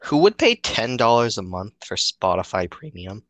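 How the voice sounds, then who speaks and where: A man's voice: lowish voice, very animated, normal speed, no room sound. A young man co-hosting a podcast, chatting casually with blunt, teasing, crude humor. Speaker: podcast co-host. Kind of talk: casual chat.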